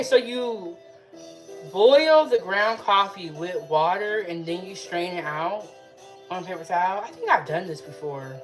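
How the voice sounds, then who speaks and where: A young adult woman hosting a casual cooking livestream from her home kitchen, chatting and answering viewers' comments as she cooks. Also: medium pitch. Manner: chatty, reads out and answers live chat comments. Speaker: cooking show host.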